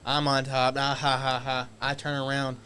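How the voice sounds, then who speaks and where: A man guest on a podcast, telling stories casually, animated and swearing, acting out shouted quotes. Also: medium pitch, normal speed, slight background noise. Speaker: guest wrestler. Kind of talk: casual storytelling.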